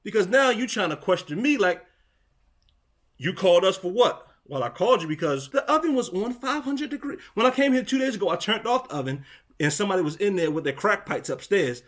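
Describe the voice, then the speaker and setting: A man's voice: sits high, lively intonation, quick pace, fairly bright tone. A man narrating a vlog outside a vacant house, growing more and more exasperated. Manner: exasperated, building up heat. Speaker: property manager vlogger.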